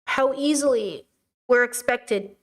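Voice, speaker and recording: A woman's voice: fairly high pitch, slow pace. An American woman hosting a casual livestream, playful and chatty, swearing freely and repeating words for emphasis. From United States. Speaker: host.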